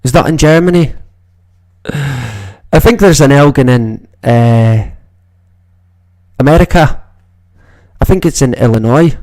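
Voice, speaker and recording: A man's voice: medium pitch, slow pace, pauses often, a little mellow, no room sound. A man with a Scottish accent from the northeast of Scotland, hosting a casual livestream chat and rambling with constant swearing. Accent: Scottish, northeast Moray. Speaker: livestream host.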